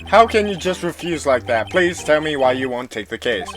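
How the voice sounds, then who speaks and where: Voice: mid-range voice, expressive, moderate pace, close to an everyday voice. Someone voicing an earnest young lawyer. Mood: frustrated. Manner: plain, questioning. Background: music.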